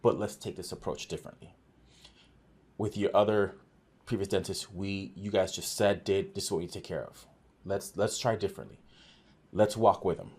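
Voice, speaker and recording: A man's voice: low-pitched, normal speed, slightly rough. A man who works as an office manager, guesting on a podcast and telling workplace stories in a casual, earnest way, acting out quoted dialogue. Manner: earnest, animated retelling with quoted dialogue and many restarts. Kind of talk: casual conversational storytelling.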